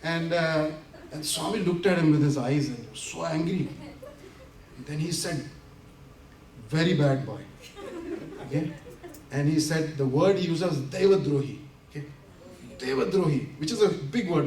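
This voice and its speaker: A man giving a talk to an audience at a community center, telling anecdotes and laughing often as he acts out the quotes. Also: fairly high pitch. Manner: animated, laughing often while acting out quotes. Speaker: invited speaker. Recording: roomy hall from a distance, faint ambience.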